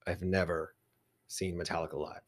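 A man's voice: low voice, little pitch movement, normal speed. A man co-hosting a whiskey podcast, telling a long rambling story in casual chat with many restarts and asides. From Texas. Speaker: podcast co-host.

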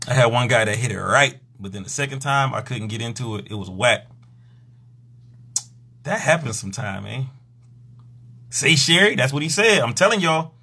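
Crude, joking man with a husky voice. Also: medium pitch, expressive, moderate pace, long pauses, pushed and bright. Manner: crude, joking, acts out quotes. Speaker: live-stream host and sex coach. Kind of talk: casual live-stream chat.

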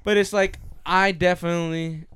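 A man's voice: high-pitched, steady tone, normal speed, fairly bright tone, clear, resonant tone, no room sound. A young man chatting casually as a podcast co-host, rambling with lots of fillers and swearing. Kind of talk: casual chat between friends.

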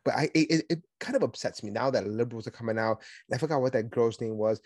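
A man delivers a heated political monologue, animated and sarcastic, slipping into mocking tones. His voice sits in a middle register. The recording is dry and close, with no room sound. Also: mid-range voice, fast talker, no room sound. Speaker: podcast host.

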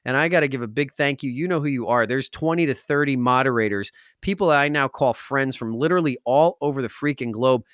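A man's voice: mid-range voice, fast, few pauses, fairly bright tone, smooth, no room sound, clean studio sound. Hyped-up motivational man. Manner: hyped, enthusiastic, slangy. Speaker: podcast host. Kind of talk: energetic motivational talk.

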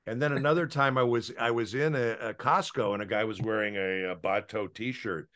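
A man, a voice actor, rambles through anecdotes in casual interview chat, with many filler pauses. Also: on the low side, fairly even intonation, fairly bright tone. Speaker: voice actor guest.

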